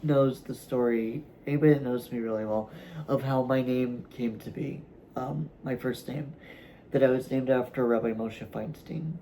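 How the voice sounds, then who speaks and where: Man, vlog host, casual monologue at home, hesitant restarts, warm relaxed tone, yawning now and then. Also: medium pitch, creaky, a little hiss or hum, rough recording. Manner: halting and rambling, many fillers and restarts; yawning at times. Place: room at home.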